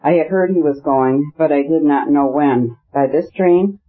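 Reserved dry gentleman, measured replies, lo-fi dull audiobook, read by a man. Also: on the high side, close to an everyday voice.

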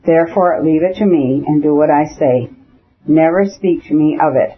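Brief: a male reader doing a proud, anguished noblewoman, raised and husky, in a dull lo-fi audiobook take. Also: a little high, normal speed. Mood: pleading. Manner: ironic, then pleading and tender. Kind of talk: audiobook dialogue.

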